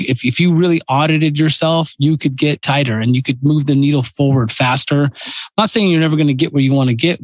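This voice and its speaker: A man's voice: on the high side, dry recording, poor audio. A man co-hosting a business podcast, talking earnestly in a casual way with frequent restarts and fillers.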